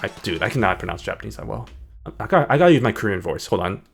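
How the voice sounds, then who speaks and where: Low gravelly guy streaming a game, rambly and hyper, music in the back. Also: animated, very fast. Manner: rambling, jumps between topics, hyper. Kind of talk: casual gaming stream chat.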